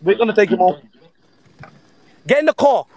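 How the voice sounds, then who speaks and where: A man's voice: high voice, big pitch swings, moderate pace, warm tone, low-quality recording. A man on a street livestream, urgently bossing his friends around outdoors by a car. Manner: pushy, urgent, talks over others. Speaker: livestreamer organizing a street fight.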